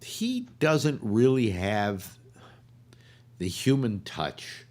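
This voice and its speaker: A man's voice: on the low side, wildly swooping pitch, very slow, a little mellow. A man hosting a casual panel chat, rambling with frequent restarts. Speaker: talk show host.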